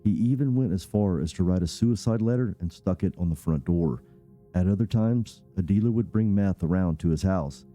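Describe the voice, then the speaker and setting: Deep dark-voiced true-crime narrator. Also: male voice, normal speed, soft background music. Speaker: podcast host and narrator.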